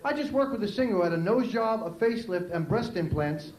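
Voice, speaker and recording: A man's voice: high-pitched, animated, brisk, darkish tone. A male stand-up comedian from New York City with a New York accent, telling wry, self-mocking jokes on stage. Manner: wry, self-mocking delivery with punchy punchlines. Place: comedy club stage before a live audience. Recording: echoey club, noisy old VHS tape.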